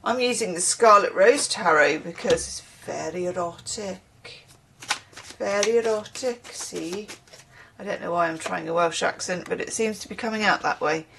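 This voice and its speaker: A woman's voice: on the low side, brisk, creaky, hardly any pauses, sharp tone, a little hiss or hum. A tired woman giving a casual tarot reading, chatty and digressive, with the odd casual swear word. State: tired from little sleep. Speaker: tarot reader.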